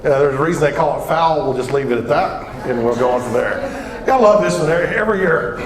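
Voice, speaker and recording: A man with a somewhat high voice delivers a lively, joking keynote on a stage microphone. He tells stories and throws questions at the audience, and his voice rings through a big echoey conference hall. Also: a little fast, crowd noise. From southwestern Colorado. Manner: energetic joking storyteller, quizzes the audience. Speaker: keynote economic speaker.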